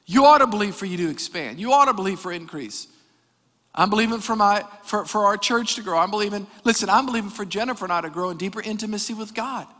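A pastor, preaching an energetic sermon with jokes and calls to the congregation. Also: male voice, high voice, fast talker. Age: 40s. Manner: energetic preaching with jokes and crowd call-outs. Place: church hall. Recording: reverberant church hall.

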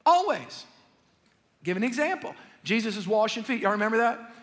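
A male pastor preaches a lively, joking sermon and keeps talking straight to his congregation. His voice sits very high for a man. A long reverb rolls through the sanctuary. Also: moderate pace. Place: church sanctuary.

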